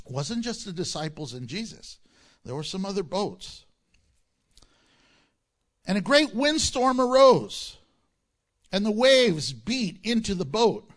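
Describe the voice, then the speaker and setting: An animated male pastor preaching with a high-pitched voice that swings widely up and down. He reads scripture aloud, then drops into playful asides and acts out the lines he quotes. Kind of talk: sermon.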